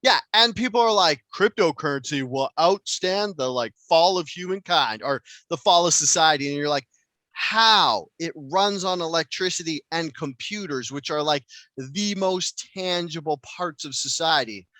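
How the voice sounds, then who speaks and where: A man's voice: on the high side, normal speed, pushed and bright, no room sound. A man co-hosting a podcast, rambling casually and swearing often in loose conversation. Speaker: podcast co-host.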